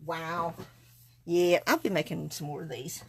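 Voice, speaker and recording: A woman's voice: sits low, fairly even intonation, measured pace, creaky, heavy background noise. A woman chatting folksily to viewers as she demonstrates card making live from her craft table. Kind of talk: live-stream craft demo.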